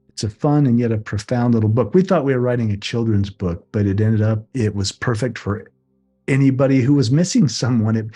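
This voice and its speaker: A man's voice: on the low side, warm tone. Earnest middle-aged man telling his story. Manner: earnest, acts out remembered dialogue. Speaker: interview guest. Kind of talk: personal storytelling.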